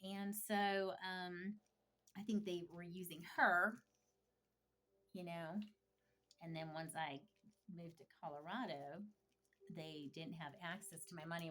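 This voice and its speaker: A woman with a somewhat low voice tells her own story in a loose, rambling way. She laughs often and slips into hushed, near-whispered asides between louder bursts. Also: fairly even intonation, a little slow. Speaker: vlogger telling her life story. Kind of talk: casual storytelling monologue.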